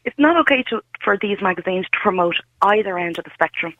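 A woman's voice: mid-range voice, animated, fast talker, dry recording, highs cut off. A woman in her forties co-hosting a radio show, chatting frankly and laughing easily. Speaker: radio co-host. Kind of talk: casual radio chat.

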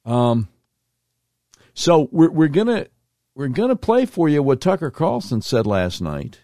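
A man's voice: fairly high pitch, big pitch swings, a little slow, dark tone, dry recording, clean studio sound. A middle-aged man hosting a talk radio show, commenting with emphatic, incredulous asides.

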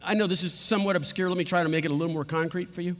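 Male pastor, somewhat high voice, earnest sermon in a reverberant church hall. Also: fairly even intonation, racing, a bit bright. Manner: earnest, repeats himself when restarting.

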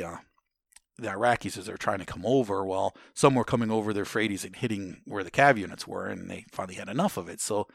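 A man's voice: on the low side, vocal fry, no room sound, studio quality. A man from the United States, a military veteran, telling war stories in a conversation, blunt, swearing, and rambling through restarts and fillers. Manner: rambling, with many restarts and "you know" fillers.

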